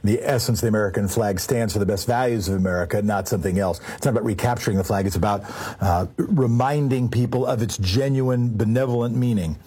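A man's voice: fairly low pitch, quick pace, hardly any pauses, warm tone, slightly rough. A man hosting a call-in radio talk show, talking earnestly and stressing his points. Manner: earnest, emphatic, restarts phrases.

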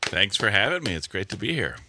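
A man in his forties, a guest on a radio show, talking in a casual, halting way with many restarts, in a studio. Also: lowish voice, big pitch swings, noisy background. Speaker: radio guest, music venue owner.

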